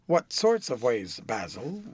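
A man's voice: mid-range voice, big pitch swings, slow pace, breathy edge, no echo, full character voice. A man playing a languid, cynical aristocrat. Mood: drawling. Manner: drawling epigrams, airy and amused.

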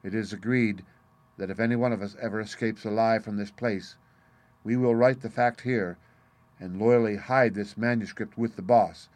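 A man with a fairly low voice reads a chapter of a classic novel aloud. His narration is measured and even, with a steady storytelling pace. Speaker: audiobook reader. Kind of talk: scripted narration.

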